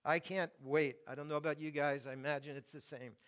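Older male preacher, slightly high voice. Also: steady tone, fairly bright tone. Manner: slows and stresses key phrases, reads scripture aloud. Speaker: pastor. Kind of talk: sermon.

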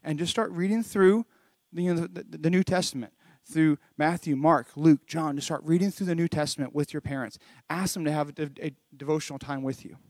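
A man's voice: on the high side, brisk, a little mellow, dry recording. A man leading a children's church lesson from home, retelling a Bible story in an earnest, conversational way with frequent restarts. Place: home recording during lockdown.

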